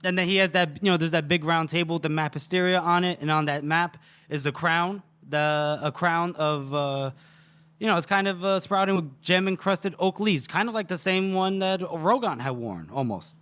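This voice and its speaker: A man co-hosting a podcast, retelling a book's scene in an animated, chatty way and swearing freely. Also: fairly high pitch, normal speed, smooth. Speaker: podcast co-host. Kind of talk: casual book-discussion retelling.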